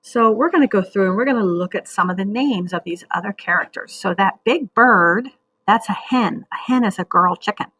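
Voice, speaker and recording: A woman teacher leading a recorded reading lesson for young children, speaking slowly and patiently and sounding out words. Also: medium pitch, fairly bright tone, husky, no echo, rough recording.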